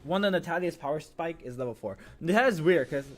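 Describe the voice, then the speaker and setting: A man with a high-pitched voice calls a mobile game match on his livestream. He swings from low mutters to hyped shouting and fills it with crude jokes and exclamations. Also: animated, quick pace.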